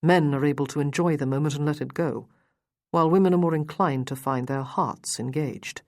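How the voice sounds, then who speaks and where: A woman's voice: deep voice, brisk, a little mellow. A woman reading the part of a proud, teasing male aristocrat in a Regency audiobook, with a dry, mocking delivery. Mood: measured.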